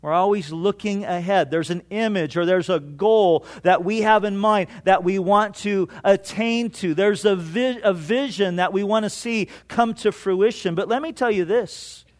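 A man delivers a sermon in a fairly high voice. He tells stories with light jokes and slows down to stress his key points. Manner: storytelling with jokes, slowing for emphasis. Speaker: pastor.

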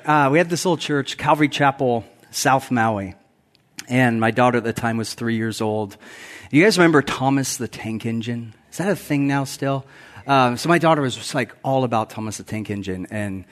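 A man in his forties, a guest pastor giving a conversational sermon with self-deprecating humor, often chuckling at his own stories. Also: medium pitch. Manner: acts out quotes with raised voice. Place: church sanctuary.

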